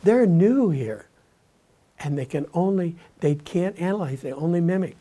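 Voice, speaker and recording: A man's voice: fairly high pitch, expressive, normal speed, dark tone. An older man, a grandfather, telling plainspoken stories in a conversational, reflective way. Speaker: grandfather sharing parenting advice. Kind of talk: reflective storytelling talk.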